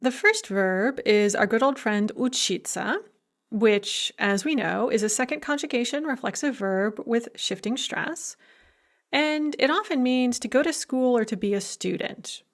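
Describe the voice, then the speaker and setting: A woman lecturer with a somewhat high voice walks through grammar in a recorded university lecture. She explains clearly and methodically, with an occasional filler, in a steady teaching tone. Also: unhurried. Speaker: language lecturer.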